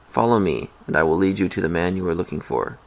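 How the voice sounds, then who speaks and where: A calm, commanding old prophet speaks in a Bible reading, with a man reading his lines. The voice is deep and gravelly, and the delivery stays plain and calm. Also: fast.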